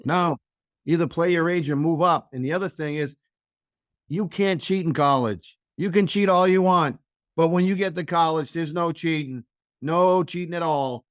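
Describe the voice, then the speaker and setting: A man's voice: on the high side, moderate pace, a bit bright, dry recording, clean studio sound. A man on a podcast giving blunt, emphatic advice. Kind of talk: casual podcast chat.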